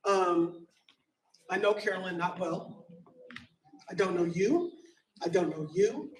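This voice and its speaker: A man in his fifties, from San Francisco, delivers a public comment at a meeting with a high voice. He speaks slowly and deliberately, playful and direct with the people around him. The recording is roomy and distant, with a little noise underneath. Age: 50s. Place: community center meeting hall. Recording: echoey hall, distant mic, faint noise.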